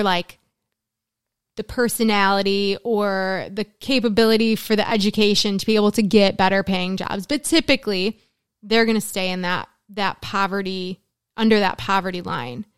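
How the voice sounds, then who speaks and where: A woman's voice: medium pitch, clean tone, dry recording, clean studio sound. A middle-aged woman in casual conversation, talking earnestly about the mothers she works with, often in long spoken lists. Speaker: guest, works with mothers in recovery.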